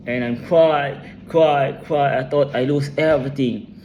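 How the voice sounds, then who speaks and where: A man's voice: mid-range voice, normal speed, darkish tone, slight background noise. A man delivering an intense, rambling personal monologue, emotional and full of profanity.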